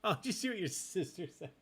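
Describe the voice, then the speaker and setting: A man hosts a live trivia night with a bright, forceful voice. He reads questions and answer tallies in a playful, chatty way and jokes with the players between questions. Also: high voice, sing-song, moderate pace, a little hiss or hum. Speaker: trivia host. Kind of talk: live-streamed trivia hosting.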